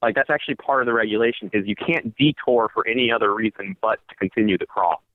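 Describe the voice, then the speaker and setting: Deadpan man over a phone line. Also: lowish voice, fast talker, no room sound. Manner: joking, deadpan rule-giving. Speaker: guest giving rules. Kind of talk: casual chat. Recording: tinny phone-line sound.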